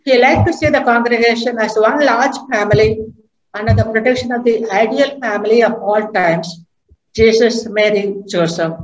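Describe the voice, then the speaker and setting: A religious sister reading a congregation's history aloud, in a measured, careful way with occasional restarts. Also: female voice, on the high side, a little mellow. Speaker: religious sister giving a reflection. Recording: echoey, dull recording with faint noise.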